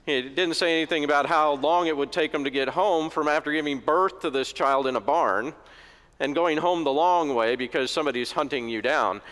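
Joking preacher in an echoey church. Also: male voice, a little high, brisk, fairly bright tone. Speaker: pastor. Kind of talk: sermon.

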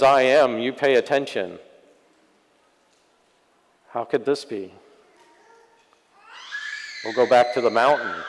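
Preaching man in a reverberant church. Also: mid-range voice. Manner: dramatic, swings from loud to very quiet; wry, sarcastic asides. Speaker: pastor. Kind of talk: sermon.

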